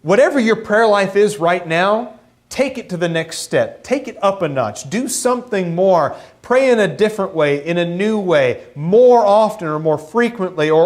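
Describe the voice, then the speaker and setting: A male preacher delivering a sermon in a church. His voice sits high for a man and swings widely in pitch. He acts out the voices in the passages he quotes. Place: church sanctuary.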